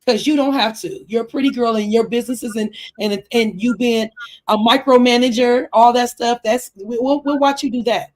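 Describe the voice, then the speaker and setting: A woman with a slightly high voice chats through a reality TV recap. She is animated and slips into put-on voices when quoting others, casual and conversational. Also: moderate pace. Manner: animated, acts out quotes in shifting voices.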